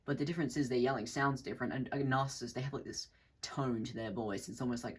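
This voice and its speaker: A man's voice: medium pitch, steady tone, fast, breathy edge, rough recording. A man talking off the cuff in a casual monologue, rambling with restarts and swearing, now and then acting out other people's voices. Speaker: channel host.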